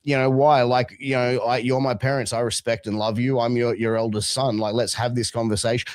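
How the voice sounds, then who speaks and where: An Australian man talking bluntly as a guest in casual chat, animated, with many restarts and some swearing. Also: mid-range voice, a little fast, hardly any pauses, no room sound. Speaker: podcast guest, wrestling manager.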